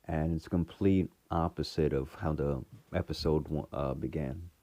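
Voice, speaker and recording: A man's voice: very deep voice, fairly even intonation, a little slow, mellow, no room sound. A man casually recapping a TV episode in a rambling way, full of fillers and restarts. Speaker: fan reviewer retelling a TV episode.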